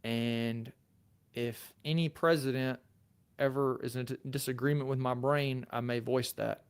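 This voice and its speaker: A middle-aged lawyer with a Southern accent hosts a casual livestream on his channel, chatting easily through viewer comments in a relaxed, chatty, self-deprecating way. His mid-range voice is gravelly yet clear and resonant, delivered at normal speed.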